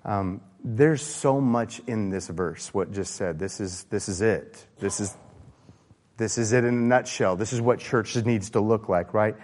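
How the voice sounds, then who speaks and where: A man's voice: lowish voice, unhurried, a little mellow. A man from the American South, preaching an informal, conversational sermon and putting questions to the congregation. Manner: informal, asks the congregation questions, frequent fillers and restarts. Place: church sanctuary. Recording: long reverb of a church hall.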